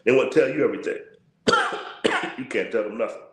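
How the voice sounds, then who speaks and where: A man's voice: medium pitch, wildly swooping pitch, fairly quick, echoey room. A tired man hosting a casual livestream, talking in a blunt, repetitive, slangy rant. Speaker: channel host.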